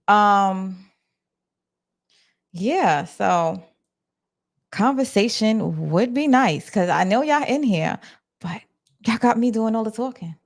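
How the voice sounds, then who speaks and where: This livestream host, a New Yorker with the accent to match, talks slowly and animatedly in a gravelly mid-range voice with long pauses. Chatting casually from her office, she speaks to her chat, restarting and using fillers.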